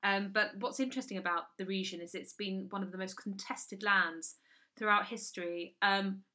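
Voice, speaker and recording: Woman, comic co-host, rambling deadpan storyteller, bright tone. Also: mid-range voice, moderate pace. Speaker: comedy podcast co-host. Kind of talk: improvised comic chat. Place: house in London.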